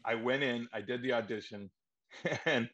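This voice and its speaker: Male actor guest, animated raconteur with frequent laughs, mid-pitched, dull lo-fi sound. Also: moderate pace. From Wisconsin, USA. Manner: lively, laughs often, acts out quoted dialogue. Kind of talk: casual anecdotal storytelling.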